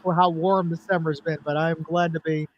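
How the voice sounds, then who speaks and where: A man's voice: on the high side, level tone, moderate pace, highs cut off. A man from California chatting as a guest on a livestream, laughing easily. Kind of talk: casual livestream chat.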